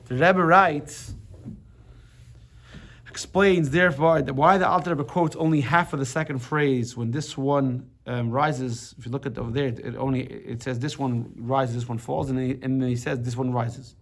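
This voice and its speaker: A man's voice: medium pitch, fairly even intonation, normal speed, few pauses. A man teaching a casual class on a religious text, explaining with everyday examples, often restarting and repeating words.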